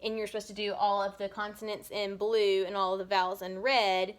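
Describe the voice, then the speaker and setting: A woman teacher giving a recorded lesson to young children, patiently stretching out words so they can be heard clearly. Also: mid-range voice, level tone. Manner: slow, patient, drawn-out sounding of words.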